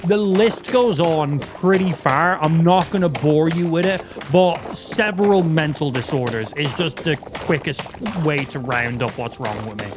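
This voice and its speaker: A man's voice: fairly high pitch, a little slow, few pauses, noisy background. A man with an Irish accent doing casual, profane and mocking livestream commentary as he plays a game. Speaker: streamer.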